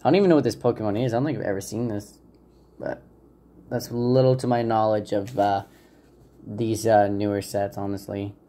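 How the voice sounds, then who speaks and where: A man hosting a casual card-pack opening video, talking in a relaxed, hesitant way with frequent fillers and unsure pronunciations. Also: on the low side, normal speed, a little hiss or hum. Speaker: channel host opening trading card packs. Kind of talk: casual unboxing commentary.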